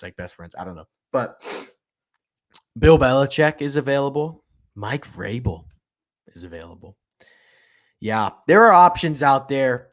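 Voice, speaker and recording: A young man hosting a solo sports podcast, talking in an emphatic, fired-up way and hammering the same points again and again. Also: medium pitch. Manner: fired-up, emphatic, repeats himself. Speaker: podcast host.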